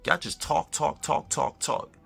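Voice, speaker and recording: A man's voice: on the high side, fairly even intonation, unhurried, vocal fry, sharp tone, husky. A man with a Bronx New York accent, a streamer ranting at his critics in a confrontational, trash-talking way. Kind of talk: angry rant to the camera.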